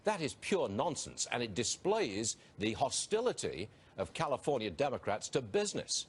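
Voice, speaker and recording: A man's voice: mid-range voice, moderate pace, husky. A man hosting a business show, giving opinionated live market commentary from a TV studio. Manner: opinionated, animated delivery.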